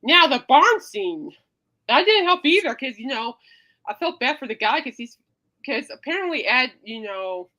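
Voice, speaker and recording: A woman hosting a casual talk podcast. She rambles through stories, full of fillers, and acts out her own reactions for effect. Her fairly high voice swings up and down a lot, animated and expressive throughout. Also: normal speed. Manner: dramatic re-enactment of own reactions. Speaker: podcast host. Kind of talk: casual rambling livestream chat.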